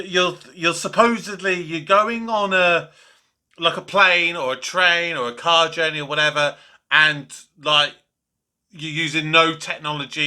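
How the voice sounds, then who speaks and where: Bright, slow-talking man reacting casually. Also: on the high side. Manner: rambling, hesitant when unsure. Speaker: reaction video host.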